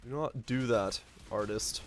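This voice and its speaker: A man's voice: medium pitch, a little slow, slight background noise. A man streaming a video game, chatting casually with viewers and ranting with lots of swearing. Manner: profane, animated ranting with bursts of laughter. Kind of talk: casual live-stream chat.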